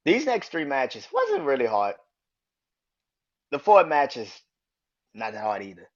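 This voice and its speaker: A young man hosting a podcast in a loose, profane rant, with bursts of loud excitement and frequent laughter. His voice sits at an ordinary middle pitch. The recording is a little dull and muffled. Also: unhurried. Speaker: podcast host. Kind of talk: casual wrestling podcast rant.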